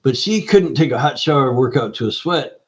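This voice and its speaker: A man who is a guest nutritionist, telling anecdotes in a lively storyteller's manner during an interview. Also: medium pitch, a little fast, breathy edge. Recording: slightly dull lo-fi audio.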